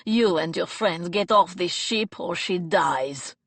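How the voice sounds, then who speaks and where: A woman's voice: lowish voice, slow pace, gravelly, slightly rough, no room sound, full character voice. A woman voicing a ruthless, taunting male villain in an audiobook, snarling and gloating.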